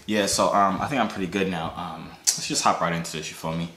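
A man's voice: deep voice, steady tone, fast, few pauses, pushed and bright, reverberant, a little hiss or hum. A young man hosting a casual video chat vlog, joking and boastful, sometimes whispering to himself. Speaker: YouTuber host.

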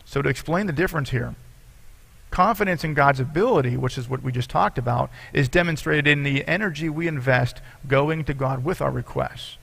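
A man with a gravelly, creaky voice preaching to his congregation. He reads scripture aloud and explains it earnestly, as a pastor would. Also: mid-range voice, a bit bright. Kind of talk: sermon.

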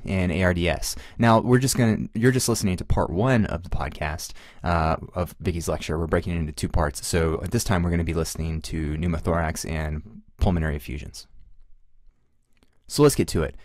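A male podcast host with a very deep voice talks in an upbeat, chatty, self-deprecating way while walking listeners through teaching material. The recording is dry and close. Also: steady tone, brisk, darkish tone, dry recording. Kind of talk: casual explanatory podcast narration.

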